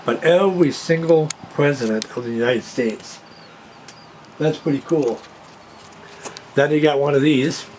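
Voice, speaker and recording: Recorded on a moving handheld camera indoors at home, a male vlogger with a mid-range voice chats casually. He rambles, repeats himself and fills gaps with fillers. The audio is poor, with a little hiss or hum.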